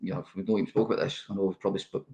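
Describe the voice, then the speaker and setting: A middle-aged Scottish man with a low voice tells anecdotes from his playing days, with a lively, laughing delivery. The sound is roomy and echoey around him. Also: very fast. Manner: animated anecdote telling with laughs. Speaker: guest, former footballer. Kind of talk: casual storytelling interview.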